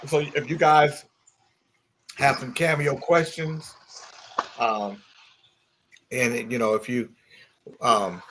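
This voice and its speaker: A man's voice: mid-range voice, a little hiss or hum. A man hosting a casual morning talk show, chatting with his co-hosts and greeting listeners by name. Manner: animated storyteller, shifts voice for quoted characters. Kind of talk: joke telling and casual chat.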